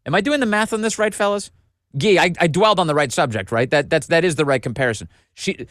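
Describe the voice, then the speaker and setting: A man running a casual political commentary show, reading out documents and reacting to them with mockery and disbelief. His voice sits at a middling pitch for a man. The recording is dry and close, with no room sound. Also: no room sound. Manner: mocking, incredulous, reads documents aloud and riffs on them.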